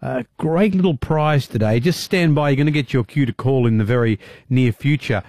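A man's voice: medium pitch, normal speed, darkish tone, no room sound, clean studio sound. A man co-hosting a radio show, teasing his co-host in casual banter. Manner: teasing, jokey. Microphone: studio microphone.

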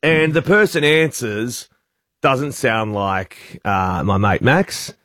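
A man's voice: medium pitch, slow pace, a bit bright, no room sound, clean studio sound. An Australian man co-hosting breakfast radio in casual banter, telling a chatty story and acting out the voices he quotes.

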